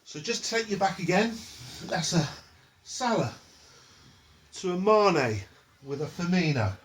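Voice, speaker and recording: Man, high voice, relaxed instructor, echoey room, mic some way off. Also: a little slow, far from the mic, slight background noise. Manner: playful, names each stretch after a football player. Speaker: exercise instructor. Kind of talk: home stretching tutorial. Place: indoors at home.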